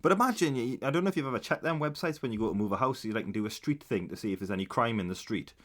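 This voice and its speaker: A man's voice: mid-range voice, animated, rapid-fire, a bit bright. A man, co-hosting a casual comedy podcast, blunt and sweary in his jokes. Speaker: podcast co-host.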